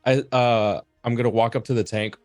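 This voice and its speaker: A man's voice: medium pitch, steady tone, a little fast, a little mellow, dry recording, faint music behind. A man playing a tabletop role-playing game, eager and casual. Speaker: player.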